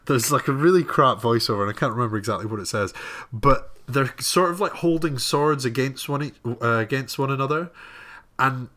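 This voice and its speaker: A man's voice: mid-range voice, moderate pace, sharp tone. A man co-hosting a casual podcast chat about films, with dry, teasing banter. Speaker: podcast co-host.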